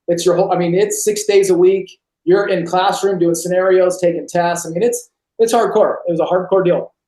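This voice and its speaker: High-voiced guy on a video call telling his story, acts stuff out, echoey room. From California. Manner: animated storyteller, acts out scenes. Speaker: podcast guest. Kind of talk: personal testimony storytelling. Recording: roomy echo.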